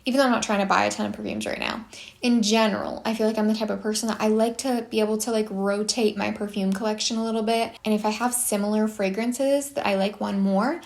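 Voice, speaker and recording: A woman's voice: medium pitch, fairly even intonation, fast, creaky. Chatty breathless young woman vlogging. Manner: chatty, rambling with restarts and "like" fillers. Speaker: perfume channel host. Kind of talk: casual vlog review.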